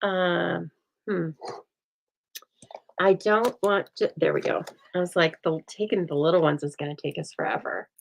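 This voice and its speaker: Woman craft-demo host, low-pitched and soothing, chatty with a deadpan streak, recorded on a phone. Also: moderate pace, vocal fry, low-quality recording. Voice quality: calm, soothing voice. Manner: chatty, laughs often, dry deadpan humor. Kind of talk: casual chat during a craft demo.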